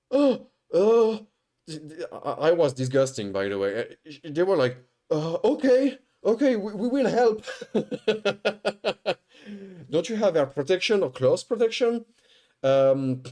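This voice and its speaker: Man, streamer, casual storytelling, animated, restarts, swearing. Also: mid-range voice.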